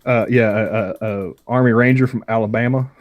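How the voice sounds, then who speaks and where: A young man chats on a podcast in a middle-pitched voice. He rambles, stammers and restarts his thoughts as he goes. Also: fairly even intonation, a little fast, muffled recording. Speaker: podcast co-host. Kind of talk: casual chat.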